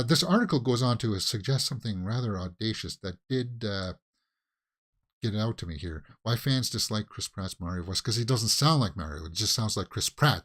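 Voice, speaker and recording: A man hosting a daily movie news show, giving casual, opinionated commentary with lots of fillers and restarts. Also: mid-range voice.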